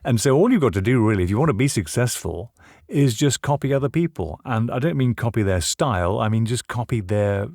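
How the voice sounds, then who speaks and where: An older man from Northern Ireland, a voiceover artist, speaking as an interview guest in an articulate, measured way. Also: mid-range voice, animated, a little mellow, no echo, studio quality. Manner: articulate, measured, with occasional restarts. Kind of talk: reflective interview conversation.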